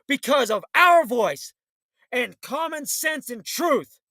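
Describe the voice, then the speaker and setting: A fiery male talk show host who rants bluntly and combatively. His voice sits unusually high and rings bright and forceful. The sound is dry and close, with no room around it. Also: lively intonation, slow, no room sound. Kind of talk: political talk show rant.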